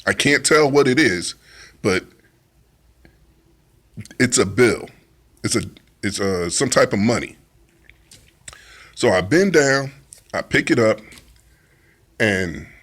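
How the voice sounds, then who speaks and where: In a mid-range, slightly bright voice, a testimony speaker recounts his personal story vividly. He acts out his part in an argument, speaking plainly and informally with dialect grammar.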